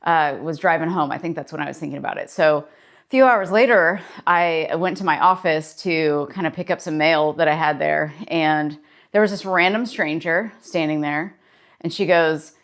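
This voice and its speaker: A woman's voice: lowish voice, moderate pace. A woman therapist talking in a casual daily vlog, chatty and encouraging as she tells a story, wearing a personal mic.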